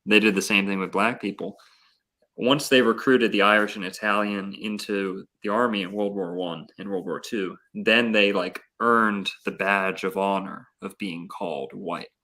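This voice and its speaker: A man's voice: fairly low pitch, steady tone, moderate pace, bright, forceful tone. A man telling rambling stories in a casual podcast chat. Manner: rambling, enthusiastic storyteller. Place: Florida.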